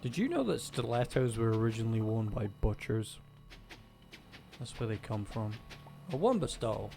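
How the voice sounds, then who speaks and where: Guy chatting on stream, wry ranty tone, mid voice, soft music under it. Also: mid-range voice, sing-song, moderate pace, creaky. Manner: ranting, wry. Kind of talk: casual chat.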